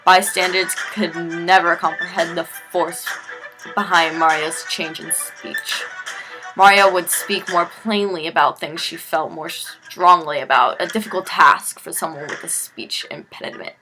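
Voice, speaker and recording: A woman's voice: lowish voice, fairly even intonation, measured pace, over music, rough recording. A woman casually reading a dialogue game aloud, stumbling and correcting herself often. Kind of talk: casual reading of a visual novel.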